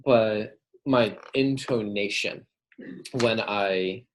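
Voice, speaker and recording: Man, lowish voice, casual coaching, acts out phone calls, keeps asking right. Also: extremely slow, slight background noise. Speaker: manager coaching staff.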